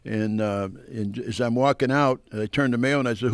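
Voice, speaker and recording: An older man, a former pitcher, telling rambling baseball anecdotes at a live question-and-answer event, speaking into a handheld mic with fillers and restarts. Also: steady tone, a little fast, few pauses, distant mic. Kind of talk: storytelling at a live Q&A.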